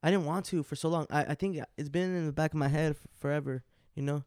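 A man's voice: on the high side, fairly even intonation, fast talker, darkish tone, clean tone, no echo, studio quality. A man telling stories in laid-back, slangy casual chat on a podcast. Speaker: podcast guest.

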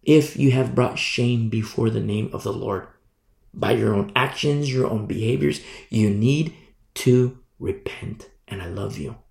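A man preaching a sermon as pastor, swinging from hushed near-whispers to loud emphatic lines. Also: medium pitch, vocal fry, roomy sound. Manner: preaching with sudden drops to a hush and rises to loud emphasis.

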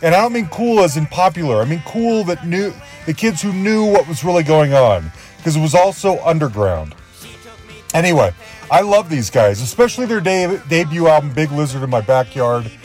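A man's voice: a little high, sing-song, moderate pace, a little mellow, soft background music. A man hosting a podcast, introducing his guest with fan-like enthusiasm and a habit of repeating himself. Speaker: podcast host.

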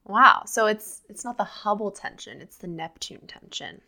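A woman's voice: mid-range voice, expressive, moderate pace, vocal fry, sharp tone. A woman co-hosting a podcast, reacting briefly and handing turns to her guests. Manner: short reactions, moderating turns. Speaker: podcast co-host and moderator. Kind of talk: casual podcast chat.

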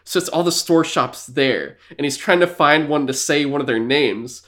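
A young man co-hosting a podcast in casual chat. He tells animated stories, laughing often and swearing freely. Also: fairly high pitch, moderate pace. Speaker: podcast co-host.

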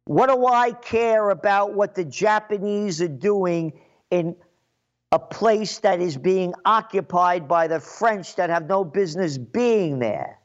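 A man delivers a solo rant, full of sarcasm and indignant emphasis. His voice sits fairly high for a man. The recording is muffled and lo-fi. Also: slow pace. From the Bronx, New York. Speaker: commentator. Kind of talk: ranting solo commentary.

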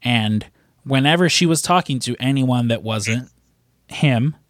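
A man's voice: mid-range voice, lively intonation, measured pace, no room sound, studio quality. A man chatting casually on a podcast, rambling with lots of filler words. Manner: rambling, heavy use of "like" and "you know". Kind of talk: casual chat.

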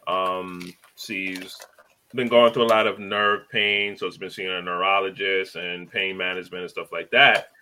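Forties guy hosting a podcast, kinda low but bright tone, tells stories and acts them out. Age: 40s. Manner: animated storyteller, acts out quotes, laughs often. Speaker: podcast host. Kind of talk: casual chat, storytelling.

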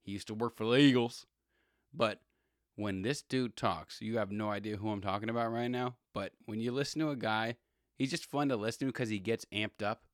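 A man's voice: fairly low pitch, a little fast, no echo, clean studio sound. A man hosting a podcast and rambling casually about football, chuckling and correcting himself as he goes. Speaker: podcast host. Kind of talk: casual sports chat.

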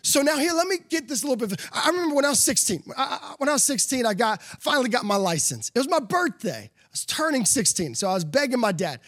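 A man's voice: extremely high pitch, sing-song, quick pace, hardly any pauses, a bit bright, dry recording. A man preaching a sermon, telling a personal story with laughs and building to emphatic calls.

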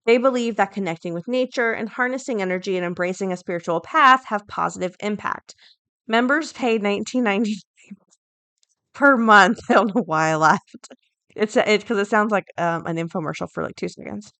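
A woman's voice: mid-range voice, fairly quick, fairly bright tone, no echo. A woman hosting a podcast, reading news items and then thinking aloud in a chatty way, with many fillers and restarts. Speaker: podcast host. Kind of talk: casual podcast commentary.

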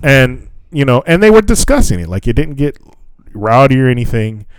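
A man's voice: mid-range voice, very animated, normal speed, clean tone, no room sound. A man co-hosting a podcast in loose, casual chat, swearing freely and laughing often. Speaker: podcast co-host.

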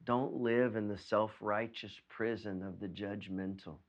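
A man's voice: fairly low pitch, steady tone, unhurried, muffled recording. A man preaching a sermon as pastor, earnest and given to repeating words as he stresses a point. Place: preached by video from home during quarantine.

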